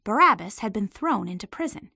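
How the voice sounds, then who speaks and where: A woman reading a storybook aloud in an expressive, lively way. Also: mid-range voice, a little fast, creaky, breathy edge, dry recording, clean studio sound.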